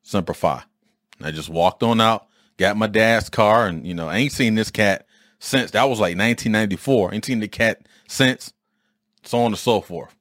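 A man in his forties or fifties from Detroit, telling a casual story on his own podcast with an animated, streetwise delivery and mild swearing. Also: mid-range voice, dry recording, clean studio sound. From Detroit, USA. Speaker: podcast host.

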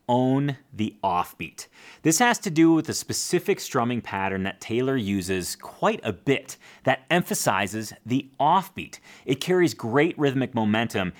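A man teaching a casual guitar lesson, explaining plainly, counting strum patterns aloud and adding self-deprecating asides. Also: medium pitch.

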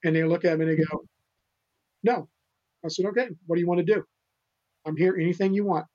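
An older man from the United States speaks in a high register, earnest and full of restarts as he tells his stories. The audio sounds dull and lo-fi, like a remote interview. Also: steady tone, fairly quick, a little mellow. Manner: earnest, rambling, many restarts. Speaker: podcast guest, animal rescuer. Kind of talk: casual interview storytelling.

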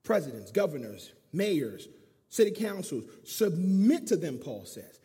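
A man preaching a sermon in a notably husky, raspy voice that sits fairly high for a man. His delivery swings widely in pitch as he fires off rhetorical questions, and the long reverb of a church hall trails behind his words. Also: sing-song, unhurried, dark tone. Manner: emphatic preaching, rhetorical questions, leads call-and-response. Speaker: pastor. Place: church sanctuary.

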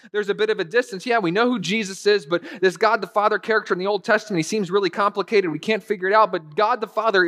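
A man preaches a sermon in a casual, conversational tone, sometimes slipping into quoted dialogue. His voice sits fairly high. The long reverb of a church hall trails behind him. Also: a bit bright. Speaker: pastor.

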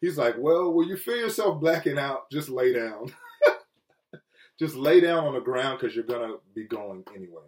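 A man preaching a sermon with earnest feeling, often dropping low and soft and then rising for emphasis. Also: expressive, moderate pace, echoey room, recorded from a distance. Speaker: pastor. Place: Chicago.

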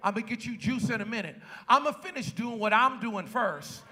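A preacher doing a sassy, unhurried mother. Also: very high-pitched, sharp tone. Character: unhurried, sassy mother making her child wait.

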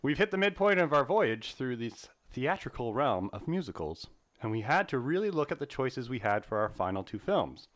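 A man's voice: mid-range voice, big pitch swings, moderate pace, fairly bright tone. A man hosting a casual movie-review podcast, playful and theatrical as he jokes with his co-host.

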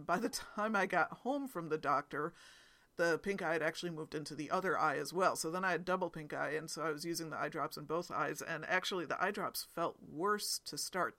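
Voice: mid-range voice, sharp tone. A podcast host, still congested after an illness, chatting casually and rambling with frequent ums. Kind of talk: casual solo podcast chat.

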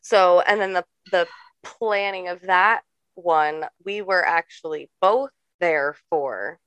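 A woman's voice: fairly low pitch, a bit bright, clear, resonant tone, no room sound, rough recording. Chatty woman co-host, dry sound. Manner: chatty, supportive, quick to laugh. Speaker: podcast co-host. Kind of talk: casual chat.

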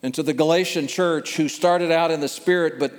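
A man's voice: fairly high pitch, steady tone, brisk. A man preaching a sermon, telling the story vividly and repeating phrases for emphasis. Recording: long hall reverb.

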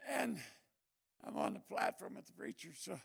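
An older man, a missionary preacher, telling stories in a sermon, moving from quiet asides to loud bursts. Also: high-pitched, big pitch swings, normal speed, creaky, husky. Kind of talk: storytelling sermon.

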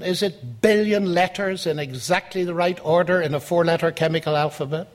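Guy with a highish voice doing a public talk, chatty storyteller vibe. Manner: anecdotal, lively, acts out dialogue in the story. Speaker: lecturer.

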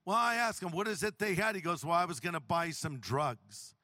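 A man preaching a sermon as a pastor, telling a humorous story with lively delivery. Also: a little high, brisk, dry recording.

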